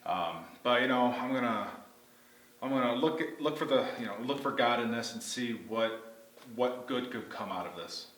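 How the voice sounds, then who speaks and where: A man's voice: mid-range voice, normal speed, a bit bright, slight background noise. A man in a comedy sketch playing an injured athlete who talks in a mopey, self-pitying way. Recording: echoey room from a distance.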